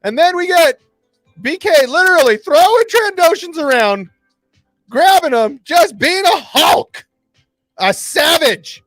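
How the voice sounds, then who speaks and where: A man hosting a fan channel, recapping an episode in casual livestream chat, excitable and acting out lines in voices. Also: very high-pitched, measured pace, no room sound, clean studio sound, soft background music. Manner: excitable, acts out quotes in voices.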